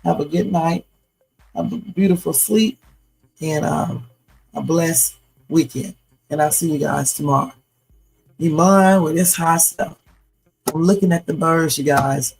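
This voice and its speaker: A woman's voice: fairly low pitch, measured pace, vocal fry, pauses often, slightly rough, soft background music, rough recording. A woman hosting a late-night livestream, tired and playful, chatting loosely and joking around as she signs off. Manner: playful, silly, loose and rambling. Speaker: livestream host. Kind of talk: casual livestream sign-off chat.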